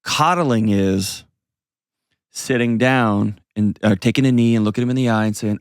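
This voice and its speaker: A man's voice: medium pitch, moderate pace, clear, resonant tone, no room sound, clean studio sound. A man hosting an advice show, explaining casually to a caller with acted-out examples and frequent "right?" checks.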